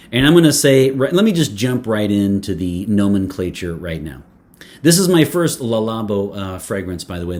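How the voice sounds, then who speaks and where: A man talks to his camera in a loose, joking way as he reviews a fragrance. His voice sits a little low, and he fills his sentences with fillers, restarts and playful asides. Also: darkish tone. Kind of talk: casual talk to camera.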